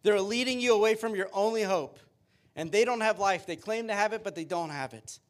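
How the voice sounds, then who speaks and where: Male pastor, high tenor, earnest sermon delivery with read-aloud scripture. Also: fairly quick.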